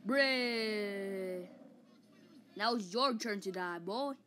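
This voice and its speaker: A woman's voice: mid-range voice, extremely slow, sharp tone, a little hiss or hum. A woman voicing a vain, hot-tempered giant male ape in a comic fan dub, taunting and boasting with mock roars.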